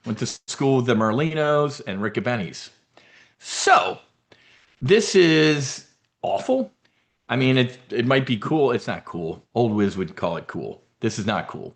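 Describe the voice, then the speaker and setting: A man from New Jersey and South Philadelphia hosts a members brief in a loose, unscripted way. He talks bluntly and heatedly, swearing freely, at a middle pitch for a man. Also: a bit bright. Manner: blunt, profane, heated ranting. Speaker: host of a trading members brief. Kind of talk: casual unscripted commentary.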